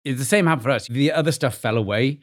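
A man's voice: mid-range voice, fast. A man from Wales with a Welsh accent, a guest actor telling casual anecdotes and acting out bits of dialogue. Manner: animated anecdotes, acts out quoted exchanges. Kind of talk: casual conversational storytelling.

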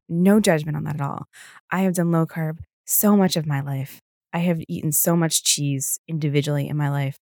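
A woman's voice: lowish voice, dark tone, dry recording, clean studio sound. A tired young woman hosting a podcast on her own. She rambles in a casual chat, packs her talk with fillers and swears freely. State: tired, yawning. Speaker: podcast host.

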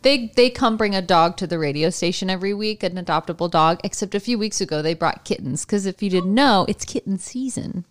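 A chatty woman co-hosting a podcast, her pitch swinging widely as she talks. She laughs often and keeps the conversation easy. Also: expressive, brisk, hardly any pauses. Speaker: podcast co-host. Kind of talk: casual chat.

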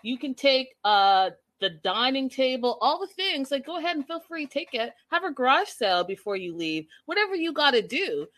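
A woman's voice: sits high, big pitch swings, moderate pace, few pauses, fairly bright tone. A woman playing a blunt fed-up fiancée. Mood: dismissive. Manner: blunt, dismissive. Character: fed-up young woman evicting her fiancé.

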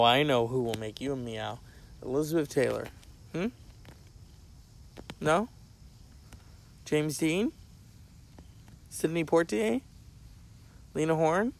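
A man's voice: fairly high pitch, creaky. A middle-aged man hosting a podcast, rambling casually, joking and swearing while chatting to his cat. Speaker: podcast host.

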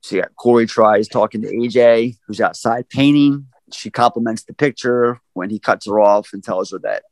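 A man's voice: lowish voice, normal speed, no room sound, poor audio. A man hosting a podcast, casually summarizing a film's plot in a loose, profane way. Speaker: podcast host. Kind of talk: casual film recap chat.

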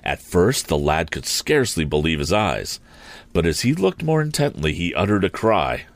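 A man with a very deep voice reads an old adventure novel aloud, his pitch moving lively up and down through the story. The sound is close and dry, with no room around it. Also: dry recording. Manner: measured storytelling reading. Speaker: audiobook narrator. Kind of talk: scripted narration.

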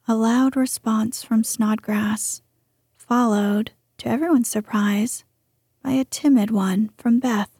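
Woman narrator for a storybook, soft and unhurried, husky mellow tone, dry close mic. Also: a little high, steady tone, dry recording. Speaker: audiobook narrator. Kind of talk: storybook reading, much of it whispered.

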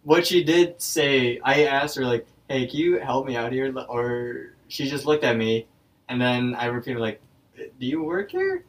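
Excitable swearing co-host, man, off-mic. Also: mid-range voice, measured pace, recorded from a distance, poor audio. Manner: excitable, swears freely, yelps when shocked. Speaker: podcast co-host. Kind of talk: casual chat. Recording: voice a little off-mic.

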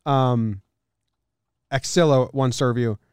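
Easygoing podcast guy, rambles, laughs a lot, smooth clear voice, dry close mic. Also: mid-range voice, unhurried, darkish tone, dry recording. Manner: laid-back, rambling, laughs often. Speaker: podcast host. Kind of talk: casual chat. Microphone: studio mic.

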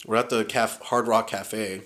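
A man in his thirties casually telling a story in a podcast chat, animated and swearing often, acting out what people said. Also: on the low side, measured pace. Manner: animated, profane, acts out quoted lines.

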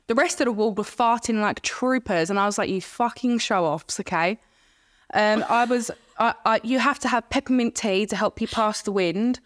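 A woman's voice: on the high side, moderate pace. A young woman, chatting casually on a podcast and telling a blunt, sweary birth story. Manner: blunt, swears freely, tells stories with quoted dialogue. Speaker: podcast co-host. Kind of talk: casual chat.

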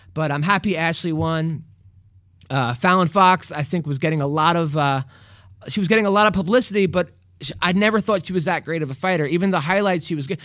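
A man's voice: sits high, fairly bright tone, no echo, studio quality. A male comedian rambling through a casual comedic monologue, joking and restarting his sentences often.

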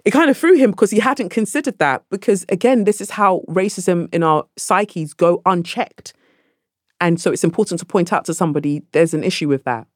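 Animated woman telling stories. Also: on the low side, fairly quick, no room sound, clean studio sound. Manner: animated, acts out voices in her anecdotes. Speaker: podcast guest, actress and author. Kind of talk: lively conversational storytelling.

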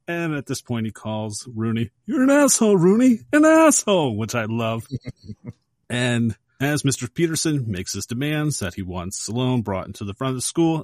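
A man on a casual movie podcast, walking listeners through a favorite scene with lively storytelling. His voice sits at a middle pitch. The recording is close and dry, with no room sound. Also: no echo. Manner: lively retelling of a movie scene, acting out quotes. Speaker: podcast co-host. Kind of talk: casual podcast film discussion.

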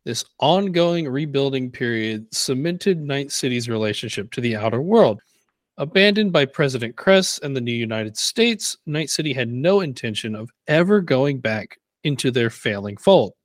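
A man co-hosts a casual podcast, reading from prepared notes at a steady, even pace and joining in brief banter. His voice sits in a middle range. The recording is dry and close. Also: mid-range voice, moderate pace, no room sound. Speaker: podcast co-host.

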